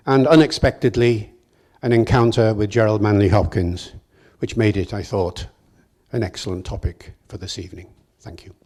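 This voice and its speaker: An older man from Wales giving a lively, anecdotal public lecture in a hall, chuckling now and then. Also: medium pitch.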